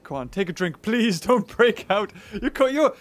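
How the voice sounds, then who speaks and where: A man hosting a let's play, chatting excitably and talking to the game's creatures as he plays. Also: high-pitched, normal speed. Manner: excitable, chatty, talks to the game characters. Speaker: gaming channel host.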